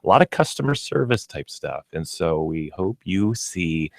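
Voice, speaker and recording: A middle-aged man with a Midwestern American accent speaks in a low, gravelly, sing-song voice at a normal pace, with no echo. He's a pet store guest on a radio show, chatting casually in a friendly, informative way. The clip was recorded on a studio microphone in a radio studio.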